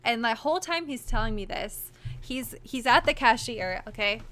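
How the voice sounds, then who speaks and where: A young woman vlogging, telling a story to her camera in a chatty, animated way full of "like" fillers. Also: a little high, normal speed. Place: home room, wearing a costume.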